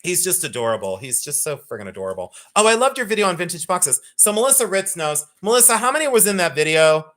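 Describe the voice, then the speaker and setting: Host for a live jewelry stream: a man, bright and animated, joking and teasing viewers, swears casually. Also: high-pitched, fast, few pauses. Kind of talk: live-stream sales chat.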